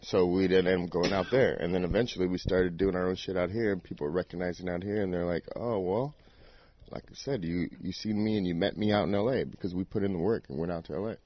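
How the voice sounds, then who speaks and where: A man's voice: low voice, fairly even intonation, quick pace, hardly any pauses. A man in his forties, a DJ guest on a podcast, talking in a laid-back, profane, rambling way. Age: 40s. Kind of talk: casual chat. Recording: dull lo-fi podcast audio.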